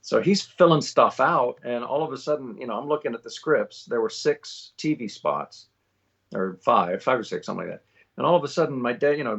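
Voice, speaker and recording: A man in his fifties, a voiceover actor, telling lively stories in an interview and acting out the quotes. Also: mid-range voice, gravelly, breathy edge, muffled recording. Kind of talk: anecdotal storytelling in an interview.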